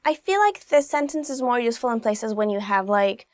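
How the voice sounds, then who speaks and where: A woman's voice: a little high, brisk, no echo. A young woman explains everyday phrases in a loose, chatty way full of asides. Her voice is recorded close and dry, with no room around it. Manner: chatty and relaxed, with fillers and asides. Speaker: language teacher. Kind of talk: casual language lesson.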